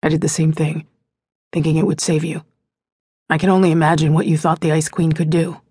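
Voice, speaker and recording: Woman voicing a brooding young man, hushed and husky. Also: on the high side, little pitch movement, fairly quick, no room sound, studio quality. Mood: somber. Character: brooding young male lover, weary and tender.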